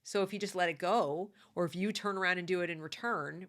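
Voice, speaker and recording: Lower-voiced woman, emphatic commentary monologue, conversational and repetitive. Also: fairly quick, pushed and bright. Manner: emphatic, conversational, repeats points.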